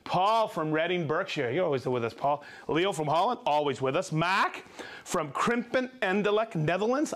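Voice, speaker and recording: A man hosting a casual live tool demo stream, chatty and excitable, calling out viewers. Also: high-pitched, moderate pace. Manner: excitable, bursts into shouts of joy; chatty, reads viewer shout-outs.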